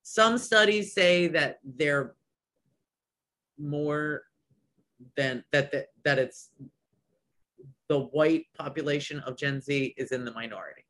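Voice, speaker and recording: A man's voice: fairly high pitch, slow, pauses often, bright, forceful tone. Enthusiastic man, guest on a podcast. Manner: enthusiastic, trailing off and restarting. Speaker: podcast guest, business owner. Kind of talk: casual podcast conversation.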